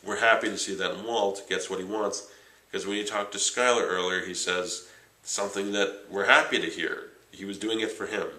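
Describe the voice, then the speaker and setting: Low-voiced man recapping a TV show. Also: moderate pace, reverberant, rough recording. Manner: chatty, excitable recapping with lots of "like". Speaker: TV show reviewer. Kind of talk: casual spoken TV review.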